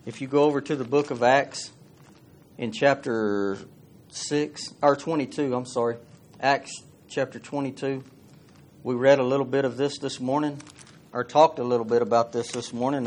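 A man preaching, folksy and conversational. He reads scripture aloud and keeps turning to the congregation with questions. His voice sits at a middle pitch. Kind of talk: sermon.

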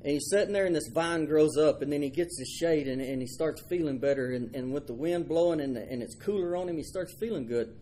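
A man's voice: fairly high pitch, fairly quick, few pauses, warm tone, slight background noise. A man preaching a folksy sermon. He stumbles over and repeats his words and acts out the people in the story.

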